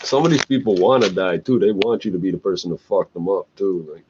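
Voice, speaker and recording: A man's voice: sits low, quick pace. Guy ranting at the camera, cussing a lot, kinda muffled lo-fi audio w faint hiss. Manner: blunt, swearing, ends lines with "eh". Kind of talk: rambling profane rant to camera.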